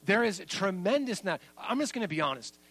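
Emphatic pastor, fairly high voice. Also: male voice, fairly quick, low-quality recording. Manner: lively and emphatic, then soft and low at the close. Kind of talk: sermon.

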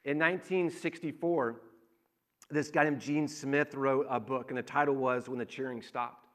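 A man's voice: medium pitch, fairly even intonation, moderate pace, a bit bright. A man, preaching a sermon as a pastor and telling a personal story in a conversational way, acting out quoted lines.

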